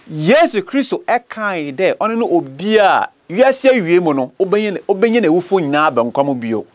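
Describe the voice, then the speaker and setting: A man with a Ghanaian accent gives a bilingual teaching sermon, slow and deliberate, stressing points with rhetorical questions. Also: high voice. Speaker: preacher and apologist.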